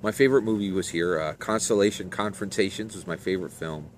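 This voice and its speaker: Low-voiced grieving man, guarded, halting, repeats himself, as the narrator plays him. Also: slight background noise, close to an everyday voice. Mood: wistful. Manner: halting, repeats his words. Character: grieving middle-aged man, guarded, protective of his space.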